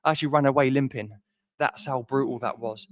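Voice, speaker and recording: A man's voice: mid-range voice, fairly even intonation, fast talker. A man co-hosting a podcast, telling a long self-deprecating story in a rambling way with many restarts. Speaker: podcast co-host. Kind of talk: casual storytelling chat.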